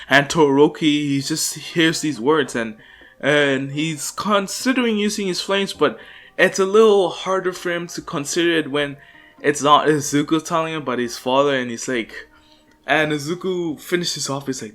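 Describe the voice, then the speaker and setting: A man's voice: a little high, normal speed, fairly bright tone. A young man casually narrating a fan story, rambling with lots of fillers and restarts. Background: faint lofi music.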